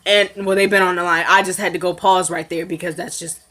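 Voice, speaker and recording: A woman casually recapping a TV drama episode, chatty and animated, retelling scenes and quoting the characters. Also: fast. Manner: animated, quotes characters in lowered voices, laughs often.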